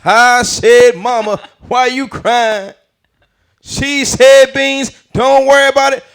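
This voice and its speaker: A man doing a loud profane grown comedian. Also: very high voice, fairly even intonation, takes it slowly, gravelly, clean tone, voice pushed up, heavily acted. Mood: rowdy. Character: brash foul-mouthed grown comedian impression, male.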